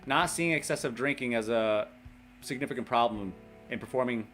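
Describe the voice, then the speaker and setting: A man's voice: medium pitch, normal speed, fairly bright tone, faint music behind. A man hosting a casual livestream, reading a list aloud, laughing often and chatting with viewers. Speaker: livestream host in recovery.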